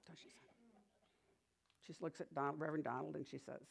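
A woman giving a sermon in a chatty, animated storytelling manner, with frequent asides. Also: sits low, brisk, gravelly, husky.

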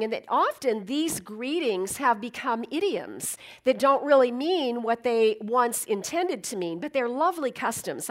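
A woman's voice: on the high side, a bit bright. A middle-aged woman giving a chatty, reflective talk to an audience, with many fillers and easy laughs. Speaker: speaker.

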